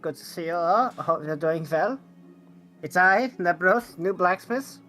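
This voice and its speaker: A woman's voice: on the low side, expressive, unhurried, fairly bright tone, soft background music. A woman doing a stiff robot blacksmith. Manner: formal, clipped speechmaking. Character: stiff male robot blacksmith, cold and blunt. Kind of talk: tabletop role-play in character.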